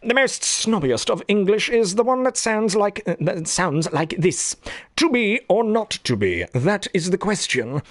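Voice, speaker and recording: A haughty, pompous upper-class gentleman as a man puts him on, drawing out his words in posh, lofty tones. He speaks higher than the performer's own voice. The take is close and dry. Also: very animated, no room sound. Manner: pompous, drawn-out posh speech.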